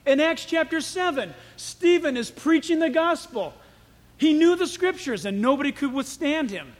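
A man preaching a sermon as pastor, telling stories in an animated way. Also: extremely high pitch, moderate pace. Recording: echoey hall with long reverb.

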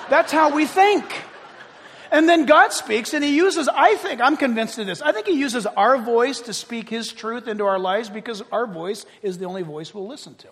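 A man preaching a sermon in an animated, joking style, full of rhetorical questions to the congregation. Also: very high voice, normal speed, long reverb tail, a little hiss or hum.

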